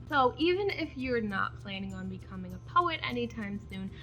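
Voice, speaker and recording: A young woman hosts a casual educational poetry video, chatting about poetic terms and then reading examples aloud. Her voice is mid-range and a bit bright, with the high frequencies cut off.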